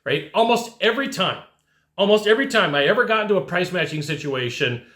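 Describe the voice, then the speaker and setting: A man with a high, forceful voice coaches his listeners with animated, direct talk, often tossing in "right?" to check they follow. His voice rings in a roomy, echoey space. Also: brisk. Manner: animated, talks straight to the listener, keeps asking "right?". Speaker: sales coach. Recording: echoey room.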